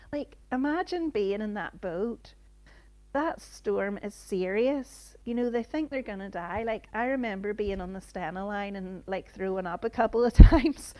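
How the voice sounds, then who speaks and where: A woman's voice: medium pitch, a little mellow, no echo. Woman doing a sermon, chatty and earnest, lots of "you know", dry close mic. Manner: earnest and conversational, many "you know" fillers. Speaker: preacher. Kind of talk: informal sermon with Bible reading.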